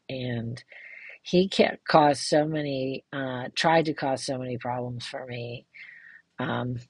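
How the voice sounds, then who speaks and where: Middle-aged woman, podcast host, low and unhurried, candid and rambling, dry close sound. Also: breathy edge, dry recording. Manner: candid, rambling with many fillers and restarts. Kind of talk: casual personal monologue.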